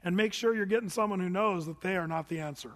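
A middle-aged man preaching a sermon in an animated, conversational way with touches of humor. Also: sits high, fast, in a large hall. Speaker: pastor.

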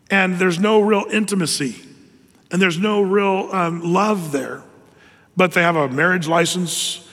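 Pastor, male, higher voice, earnest conversational sermon, echoing hall. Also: a bit bright. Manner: earnest, conversational preaching with pauses and restarts.

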